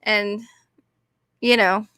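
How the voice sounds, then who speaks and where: A woman's voice: mid-range voice, steady tone, drawn-out words, sharp tone, no room sound, clean studio sound. A young woman, ranting casually and rambling, often apologizing and putting herself down. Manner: rambling, apologetic, self-deprecating. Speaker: vlogger.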